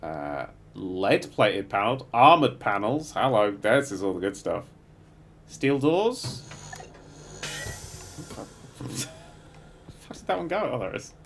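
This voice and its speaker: A middle-aged man streaming a game live, muttering to himself, swearing freely and bursting into excited exclamations. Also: fairly low pitch, slow pace, long pauses, slight background noise. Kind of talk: live gameplay commentary.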